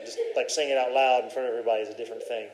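A man's voice: mid-range voice, level tone, racing, darkish tone, rough recording. A man teaching a Bible class, asking questions and talking in a loose, conversational way with fillers.

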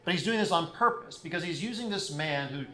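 A man preaching a sermon and reading scripture aloud, pausing often on "uh" and growing louder and higher when he reads the quoted passages. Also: animated. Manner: frequent "uh" fillers, rises in pitch and volume when reading scripture. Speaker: pastor.

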